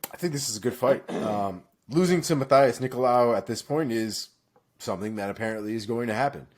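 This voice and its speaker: A man's voice: medium pitch, a little fast, darkish tone. A man co-hosting a podcast, running through fight news casually with frequent fillers. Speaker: podcast co-host.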